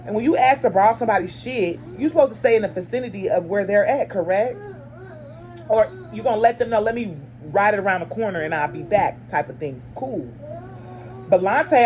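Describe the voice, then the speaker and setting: A chatty woman at a middle pitch tells a story straight to her viewers, blunt and lively. She breaks into other voices with sudden jumps in pitch. A faint hum sits under her voice. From lives in Arizona. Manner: animated, acts out dialogue with sharp pitch jumps. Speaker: storyteller and mother. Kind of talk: casual storytime to camera.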